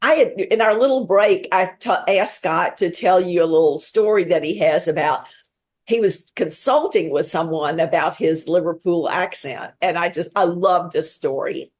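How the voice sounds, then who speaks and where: A woman guest on a podcast, an author, talks in a lively, chatty way full of quick asides. Her voice sits a little low for a woman, and she keeps a relaxed conversational flow. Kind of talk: casual podcast chat.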